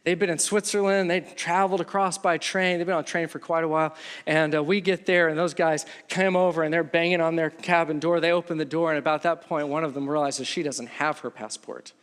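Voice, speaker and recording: A middle-aged man preaching a sermon as pastor, telling a story in a lively way and acting out what people said. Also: fairly high pitch, brisk, clear, resonant tone. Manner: animated storytelling, acts out quotes. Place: church sanctuary. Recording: long reverb of a large hall.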